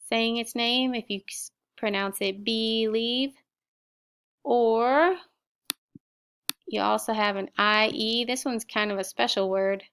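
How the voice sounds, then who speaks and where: A middle-aged woman teacher slowly sounding out spelling words and explaining vocabulary in a recorded lesson. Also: mid-range voice, a bit bright, slight background noise. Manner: slow, clear word-by-word sounding out.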